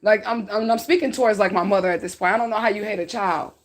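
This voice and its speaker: Speaking fast in a steady, mid-range voice, this adult spiritual reader opens up to her followers about something painful. Her telling is blunt and profane, and tears break through now and then.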